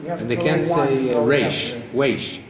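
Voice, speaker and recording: A man's voice: medium pitch, normal speed, a loud crowd. A man in a study group bantering playfully with the others. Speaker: class participant. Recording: distant mic in an echoey, crowded room.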